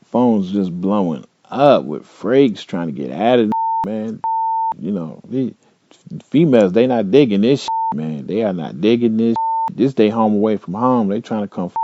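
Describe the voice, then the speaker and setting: A man's voice: on the low side, dry recording, highs cut off. Profane, blunt podcast host man. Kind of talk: casual storytelling to an audience.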